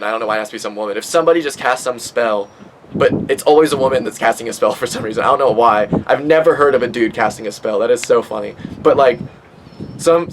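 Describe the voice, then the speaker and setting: A man's voice: mid-range voice, noisy background. Rambling, swearing young man. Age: 20s. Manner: profane, rambling, with many fillers. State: stoned. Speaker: podcast host. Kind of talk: casual rambling monologue.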